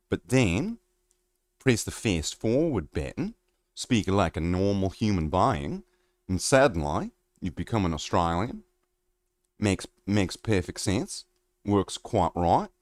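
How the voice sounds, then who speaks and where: A man putting on a mock Australian and New Zealand accent, talking in a slow, mumbled drawl. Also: mid-range voice, darkish tone, natural voice.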